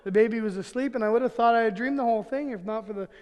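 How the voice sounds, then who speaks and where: A man's voice: very high-pitched, racing, darkish tone. A man preaching a humorous sermon, telling family stories, acting out quotes and laughing often. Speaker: pastor. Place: church sanctuary. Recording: long hall reverb.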